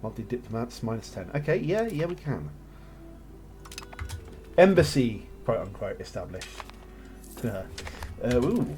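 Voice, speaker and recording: A man's voice: mid-range voice, big pitch swings, a little slow, long pauses, mellow, a little hiss or hum. A man casually commentating his own strategy game play as he thinks aloud, with jokey asides. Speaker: gameplay streamer. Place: home setup, recorded live on a voice chat.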